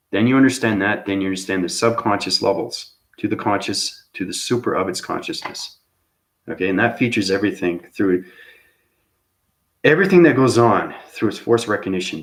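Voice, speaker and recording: Deep-voiced male host, meandering spiritual talk, habitual "okay?" check-ins. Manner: repeats "okay?" as a tag after phrases; loose, searching phrasing with restarts. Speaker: channel host. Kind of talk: rambling spiritual monologue.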